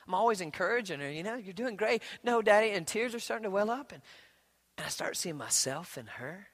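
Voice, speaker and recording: Male pastor, thirties, high bright voice; sermon that drops to hushed anecdotes and climbs to forceful proclamations. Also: expressive, brisk. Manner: swings from hushed storytelling to loud emphatic preaching.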